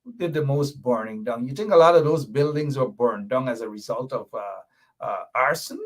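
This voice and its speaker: A man's voice: mid-range voice, moderate pace. A man hosting a political commentary show, emphatic and repetitive, with a mocking edge. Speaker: show host.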